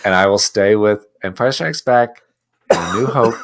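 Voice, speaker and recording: Ranting, animated podcast co-host man. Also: fairly low pitch, moderate pace. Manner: animated, ranting, laughs often. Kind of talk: casual chat.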